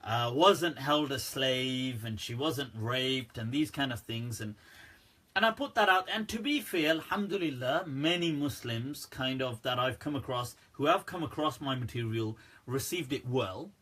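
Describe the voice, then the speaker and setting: Chatty, laughing man with a bright, husky voice. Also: medium pitch, expressive, unhurried. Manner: chatty and joking, laughs often, says "right" and "people". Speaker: Islamic scholar answering questions. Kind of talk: casual livestream Q&A talk.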